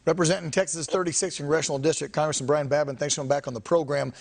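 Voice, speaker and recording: A man's voice: on the high side, fairly even intonation, racing, creaky. A man hosting a TV news interview, chatty with sarcastic asides. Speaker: TV news host.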